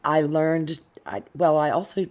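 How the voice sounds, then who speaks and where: A woman from the US South with a softened North Florida accent, chatting casually in a deliberate, well-enunciated way. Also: low-pitched, steady tone. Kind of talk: casual chat.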